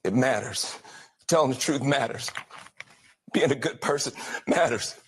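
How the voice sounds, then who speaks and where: A man's voice: mid-range voice, unhurried, slightly rough. A man giving impassioned, emotional political commentary on television. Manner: grave, emphatic warning.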